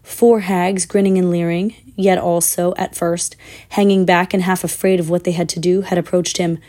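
Mellow woman reading a storybook. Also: lowish voice. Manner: measured, expressive, with small slips. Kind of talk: reading a children's book aloud.

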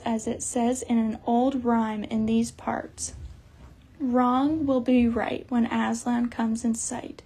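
A woman's voice: a little high, mellow, breathy edge. A woman voicing a gloomy, homely male beaver in an audiobook, with a grave, solemn way of talking. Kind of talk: audiobook character reading.

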